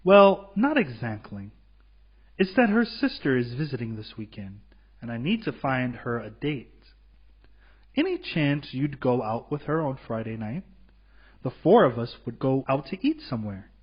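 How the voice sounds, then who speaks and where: A man voices an upbeat, helpful student in a scripted textbook dialog. His pitch swings lively and his voice is a bit husky. The sound is muffled and lo-fi. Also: normal speed. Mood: friendly. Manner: upbeat, eager to help. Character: friendly helpful male college student. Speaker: dialog actor. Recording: muffled lo-fi studio recording.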